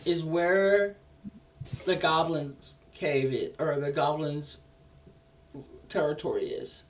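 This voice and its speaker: A man's voice: on the high side, slow, recorded from a distance, slight background noise. A man narrating a tabletop game as dungeon master, rambling and hesitant.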